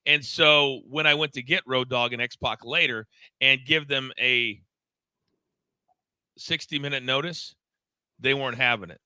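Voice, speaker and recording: A man's voice: medium pitch, a little slow, long pauses, clear, resonant tone, dry recording, rough recording. A middle-aged man co-hosting a casual wrestling talk show, telling backstage stories with lots of stammered repeats. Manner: animated storyteller, stammers and repeats words. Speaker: podcast co-host, former wrestling coach.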